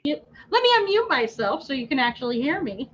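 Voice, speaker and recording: A woman on a video call panel giving writers brisk, practical tips. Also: high voice, big pitch swings, fairly bright tone, husky, lo-fi sound. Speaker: writing coach panelist. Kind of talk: informal teaching talk.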